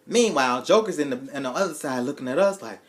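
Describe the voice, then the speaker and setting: A man telling a personal story to his viewers in a casual, profane, animated way, acting out the voices of the people in it and turning to his audience with asides. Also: medium pitch, fast, slight background noise.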